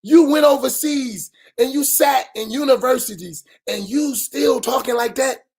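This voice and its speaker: A middle-aged imam, giving an emphatic post-dawn-prayer talk full of rhetorical questions and bursts of raised voice. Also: male voice, very high-pitched, measured pace, a little mellow, a little hiss or hum. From United States.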